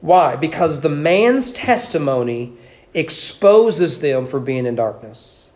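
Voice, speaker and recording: A man's voice: on the high side, very animated, slow, a little mellow. A man preaching a sermon as pastor, emphatic, with repeated phrases and rhetorical questions.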